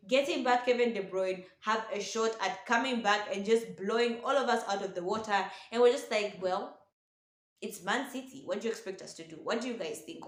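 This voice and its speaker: An opinionated woman talks football straight to her viewers, making her predictions in a relaxed, chatty way. She keeps calling out to her audience as ladies and gentlemen. Her voice carries a roomy echo, and her pitch sits in the middle for a woman. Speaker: football pundit host. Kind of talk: casual football commentary to camera.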